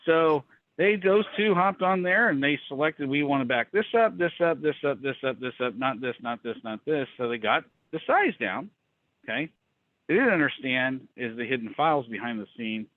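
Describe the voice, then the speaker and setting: A man's voice: normal speed, dry recording. Blunt man on a tinny call line. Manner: blunt, animated, acts out quotes in a higher voice. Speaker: business coach hosting a mastermind call. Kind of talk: casual storytelling talk.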